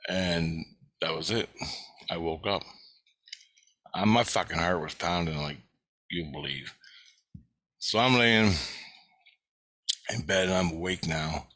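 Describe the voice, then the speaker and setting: A man's voice: deep voice, takes it slowly, pauses often, pushed and bright. A man casually recounting a vivid dream, swearing freely and using lots of fillers. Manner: profane, vivid, full of fillers. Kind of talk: casual spoken story.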